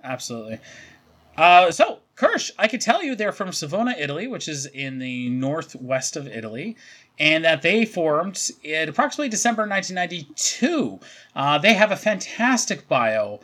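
Podcast guy chatting with his brother, kinda high voice, acts out quotes when telling stories. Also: normal speed, husky. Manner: animated storyteller, acts out quotes. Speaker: podcast co-host. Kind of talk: casual chat.

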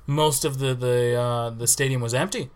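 A man co-hosting a music podcast in casual chat, animated and quick to exclaim. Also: mid-range voice, clean tone. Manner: animated, exclaims and swears mildly. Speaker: podcast co-host.

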